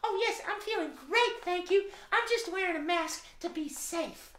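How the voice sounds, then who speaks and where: A man voicing a sweet, gentle female goose puppet who talks in a cheerful, polite way for a children's show. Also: extremely high pitch, moderate pace, voice pushed up. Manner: cheerful, polite, explains patiently. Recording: echoey room with loud guitar music.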